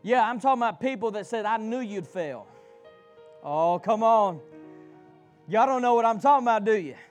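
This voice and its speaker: A man preaching a sermon in call-and-response style, swinging from shouted lines to low, quiet passages. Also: animated, normal speed, faint music behind.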